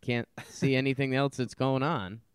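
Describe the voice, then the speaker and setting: Rambling with frequent fillers and restarts, a man co-hosts a casual podcast conversation. His medium-pitched voice is smooth, fairly even in intonation, and moderately paced, captured in a dry, clean studio recording.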